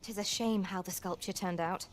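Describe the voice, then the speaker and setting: Woman voicing a terse formal companion, video game, mid-pitched, archaic wording. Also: fairly even intonation, moderate pace, no room sound, natural voice. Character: composed female adventuring companion, terse and formal.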